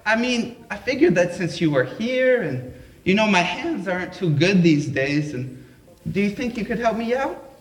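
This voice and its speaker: A man voicing a sweet, gentle elderly grandmother from the Southern church world, her lines raised higher than his own voice. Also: animated, normal speed, distant mic, close to an everyday voice. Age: older. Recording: roomy echo.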